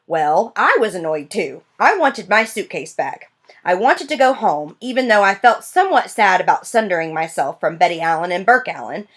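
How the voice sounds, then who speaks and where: A woman reads a novel aloud in the first person, with an earnest, plain delivery. Her pitch is mid-range but moves a lot. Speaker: audiobook narrator. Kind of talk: storybook narration.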